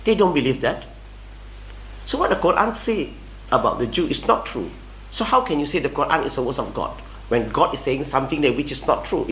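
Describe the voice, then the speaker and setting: A man's voice: fairly high pitch, expressive, fairly quick, a bit bright, a little hiss or hum. A man in a live online debate, earnest and questioning, speaking English with non-native grammar.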